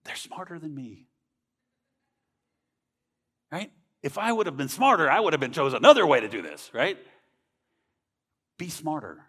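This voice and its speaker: A man's voice: fairly high pitch, sing-song, moderate pace, pauses often, a bit bright, long reverb tail. A man giving a personal faith testimony in a church, talking earnestly and conversationally and often checking in with "right?". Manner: earnest, conversational, frequent tag questions. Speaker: speaker sharing a testimony.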